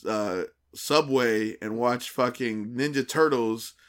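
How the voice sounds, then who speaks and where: A man co-hosting a podcast, telling a dating story in casual, profane slang and acting out the quoted dialogue with lively shifts. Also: mid-range voice, slow pace. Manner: animated, acts out quoted dialogue; profane, slangy street talk.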